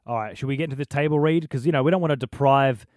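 A man's voice: medium pitch, a little mellow, no room sound, clean studio sound. A man co-hosting a podcast in casual, comedic chat, playful and bossy. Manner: playful, bossy, quick to laugh. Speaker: podcast co-host.

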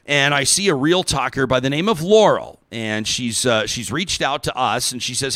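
A man hosting a radio talk show, chatting casually and reading sponsor ads with pitchman energy. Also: normal speed, hardly any pauses, sharp tone, dry recording. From Canada. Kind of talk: casual chat and live ad reads.

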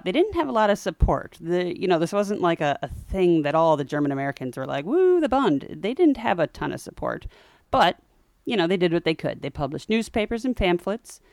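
A woman with a low voice co-hosts a history podcast, narrating in a relaxed, chatty way. She slips in wry jokes and animated asides. The sound is close and dry. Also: dry recording. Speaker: podcast co-host. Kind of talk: casual history storytelling.

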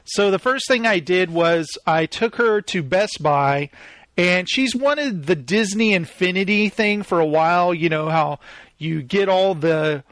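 A man's voice: sits high, unhurried, fairly bright tone, no room sound. A man in his thirties hosting a solo podcast, goofy and self-mocking, with his voice cracking. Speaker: podcast host.

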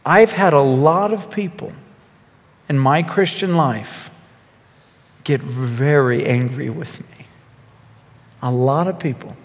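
Pastor, male, high voice, earnest and halting, echoing church hall. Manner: earnest, stammering restarts, acts out quotes. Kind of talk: sermon. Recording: long hall reverb.

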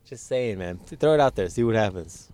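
A man's voice: fairly low pitch, lively intonation, fairly quick, a little mellow, no echo. A man co-hosting a casual, crude podcast, laid-back and laughing often as he swears through the banter. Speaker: podcast co-host.

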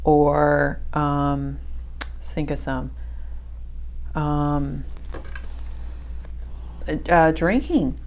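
A woman's voice: low voice, little pitch movement, very slow, pauses often, darkish tone. A middle-aged woman co-hosting a faith podcast, chatting casually with lots of fillers and restarts. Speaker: podcast co-host.

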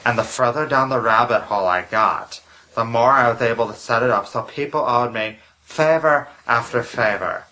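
A theatrical masked schemer from a comedy audio drama, with a man putting on the voice. The voice sits noticeably lower than his usual one, yet it keeps a bright, forceful edge. He delivers his confession slowly and with heavy drama. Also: lightly acted, poor audio. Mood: solemn. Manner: slow, solemn, dramatic. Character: masked secretive powerful man, grave and theatrical.

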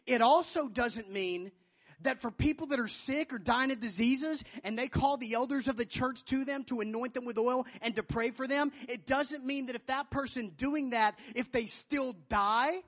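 Emphatic young male youth pastor. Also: a bit bright. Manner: emphatic, repeats phrases, acts out quotes in a high childlike voice. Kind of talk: sermon to students.

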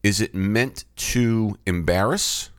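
Speaking slowly in a fairly low voice, the middle-aged man thinks aloud on his solo podcast, pondering, asking himself questions and breaking off to begin again. He hosts the show and umpires baseball. The close-miked studio recording is dry.

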